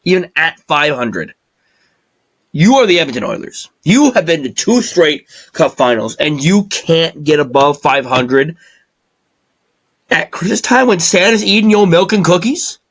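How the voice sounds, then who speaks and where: A man's voice: on the high side, animated, measured pace, a bit bright, slightly rough, poor audio. A man co-hosting a podcast, talking bluntly and jokingly about hockey. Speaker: podcast co-host. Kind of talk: casual sports chat.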